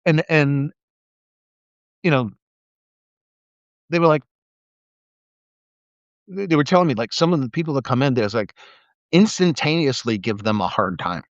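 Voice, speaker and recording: A middle-aged man hosts a casual livestream monologue, telling animated stories and switching into exaggerated, raised voices for the people he quotes. His pitch is ordinary and his delivery a little slow with frequent pauses. The sound is dry with no echo, slightly dull and lo-fi.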